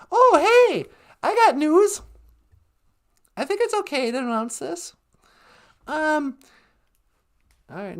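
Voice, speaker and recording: A woman co-hosting a podcast in casual chat, chatty and animated, quoting movie lines as she talks. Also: high voice, vocal fry. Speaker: podcast co-host.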